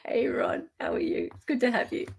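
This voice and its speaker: A woman's voice: brisk, in a whisper. Giggly Australian woman hosting. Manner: bubbly, giggly, chatty. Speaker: livestream host. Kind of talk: live chat show.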